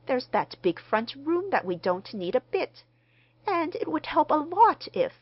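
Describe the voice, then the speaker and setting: A woman's voice: mid-range voice, sing-song, normal speed, slightly rough, no room sound, lo-fi sound. Woman reading a meek, eager husband. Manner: eager, hopeful.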